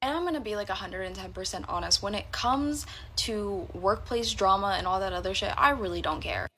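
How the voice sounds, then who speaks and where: A woman's voice: medium pitch, a little fast, pushed and bright, a little hiss or hum. A woman telling a personal work story in a candid, blunt and profane way. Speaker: storyteller in a reacted-to clip. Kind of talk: casual storytelling to camera.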